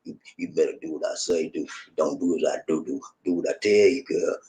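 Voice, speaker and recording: A man voicing a domineering macho man who bosses and threatens his woman, in a gruff, bullying way. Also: rumbling low, brisk, dark tone, pitched below the performer's own voice. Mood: threatening. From southern United States. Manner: gruff, threatening, bossy commands.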